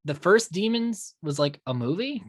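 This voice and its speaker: In a casual movie review chat, this man co-hosts a podcast about a horror film, laughing a lot and starting sentences over. His voice sits high and is animated at a moderate pace, recorded dry with clean studio sound.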